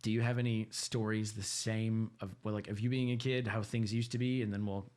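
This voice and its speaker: A man co-hosting a podcast, telling childhood stories in a relaxed, casual chat. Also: lowish voice, brisk. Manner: laid-back storytelling with laughs and acted quotes. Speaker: podcast co-host.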